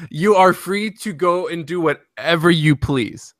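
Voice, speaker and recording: A man's voice: fairly high pitch, a little slow, no echo, studio quality. A man hosting a casual gaming podcast, laughing often between his words. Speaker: podcast host.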